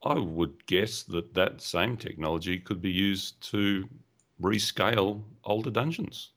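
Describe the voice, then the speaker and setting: Man, very deep voice, podcast co-host, hesitant rambling chat. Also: unhurried, a bit bright. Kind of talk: casual gaming podcast chat.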